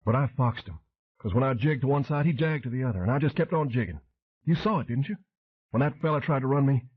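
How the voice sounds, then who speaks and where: A man voicing a loud, rambling Elvis impersonator with a husky Memphis drawl in an audiobook. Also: medium pitch, fast talker, pitched above the performer's own voice, lightly acted. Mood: excited. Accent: Memphis Southern drawl. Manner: excited, rambling, hollering. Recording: tinny phone-like audio.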